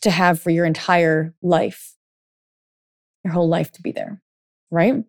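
A woman's voice: lowish voice, fairly even intonation, unhurried, creaky, darkish tone, no echo, studio quality. A woman coach telling a story in a casual monologue, full of fillers, then turning blunt and emphatic, with some swearing. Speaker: dating and life coach.

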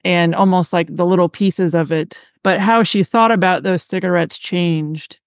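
A woman hosting an interview podcast, gently probing her guest with follow-up questions. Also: on the low side, steady tone, normal speed, dry recording. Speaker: podcast host.

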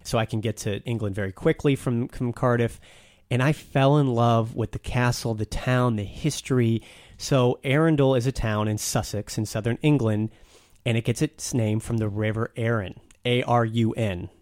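A man's voice: medium pitch, steady tone, normal speed, a little mellow, no room sound, studio quality. A man talking casually and enthusiastically as a guest on a podcast, telling stories with some restarts.

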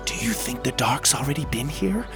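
A man's voice: medium pitch, animated, normal speed, music in the background, natural voice. A man voicing a sensible, scolding young female pixie in an audio story. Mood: wary. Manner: scolding, hushed.

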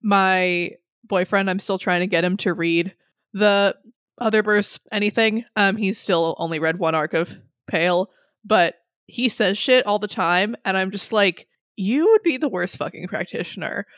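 A woman's voice: mid-range voice, steady tone, a little slow, a bit bright, clean tone, no room sound, studio quality. A young adult woman co-hosting a podcast, reading listener submissions in a chatty, giggly way with many ums. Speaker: podcast co-host.

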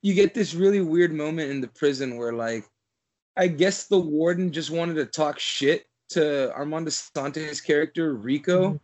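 A man with a fairly high voice co-hosts a movie podcast in loose, casual chat. His talk rambles, is full of "like", and he swears often. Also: normal speed, a little mellow. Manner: rambling, heavy filler "like", frequent swearing. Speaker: podcast co-host.

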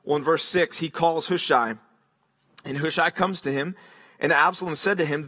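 A man's voice: a little high, lively intonation, moderate pace, sharp tone, breathy edge. A male pastor preaching an expository sermon, retelling the text as a story and explaining it in detail, with frequent restarts.

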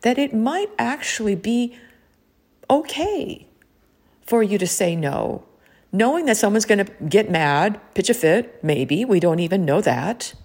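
Woman podcast host, coachy reflective talk, lots of questions, bit of vocal fry. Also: mid-range voice, expressive, a little slow. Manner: gentle, probing, asks many questions.

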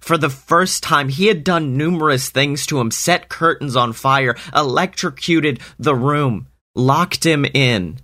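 A man telling an improvised parody story in a slow, earnest, deadpan way. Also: on the high side.

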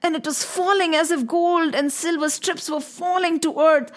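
High-voiced woman telling a myth. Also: normal speed. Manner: animated, emotive with exclamations. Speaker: storyteller. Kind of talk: expressive mythological storytelling.

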